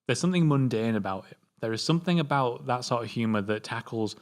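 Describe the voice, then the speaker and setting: Thoughtful British man, mid-pitched. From Britain. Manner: thoughtful, measured, hesitant restarts. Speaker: film review podcast co-host. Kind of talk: casual chat.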